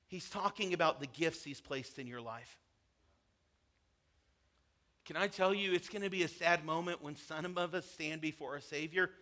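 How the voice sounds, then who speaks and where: A man preaching a sermon as a pastor, telling a parable with animated voices for its characters. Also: sits high.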